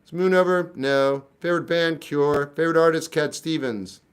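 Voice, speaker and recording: A man in his fifties reading live chat questions aloud and answering them with blunt, deadpan one-word replies. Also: fairly high pitch, moderate pace, clear, resonant tone. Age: 50s. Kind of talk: casual live-stream chat.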